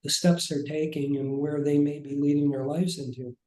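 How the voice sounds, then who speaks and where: A man on a podcast speaks in a measured, thoughtful way, his voice pitched a little above the usual male range. His tone is mellow and warm, and the room around him adds a clear echo. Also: flat delivery. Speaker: podcast guest. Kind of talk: interview conversation.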